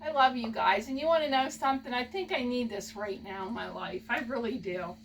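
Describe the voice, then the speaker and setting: A woman's voice: on the high side, fairly quick, vocal fry, far from the mic, slight background noise, poor audio. A woman opening gifts from fans on a home video, gushing, laughing often and using baby talk with her pet. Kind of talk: casual home video chat.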